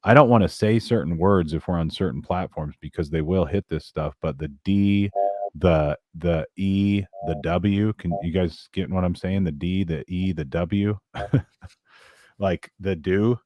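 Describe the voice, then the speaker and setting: A man's voice: sits low, unhurried, dry recording, lo-fi sound. A man talking as a guest on a casual podcast, rambling with many restarts.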